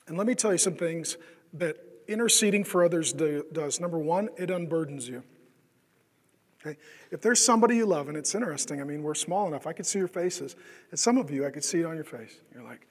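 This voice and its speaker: Preaching in a big room, this male pastor keeps his sermon conversational, putting questions to the congregation and voicing the people in his stories. He speaks a little fast with lively intonation, in a slightly rough, somewhat high voice.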